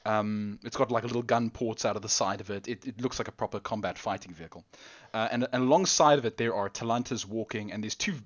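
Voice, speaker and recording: A man's voice: fairly low pitch, quick pace. A man narrating a tabletop role-play game as game master, rambling and correcting himself. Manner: rambling, self-correcting, laughs often.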